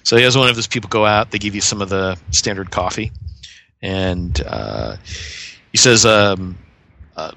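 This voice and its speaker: A man narrating as game master of a tabletop game in a relaxed way with many fillers. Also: sits low, normal speed, creaky, dry recording.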